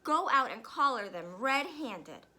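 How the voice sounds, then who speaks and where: A woman voicing a frantic, shrill middle-aged mother in a storybook reading. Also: very animated, a little slow, bright, forceful tone, exaggerated voice. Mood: panicked.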